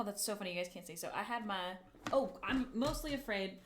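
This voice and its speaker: Chatting on a casual livestream as she makes a craft piece, a woman streamer sounds nervous, swears often, and talks to herself and her supplies. Her pitch is medium and her pace fairly quick, with a little hiss or hum in the audio.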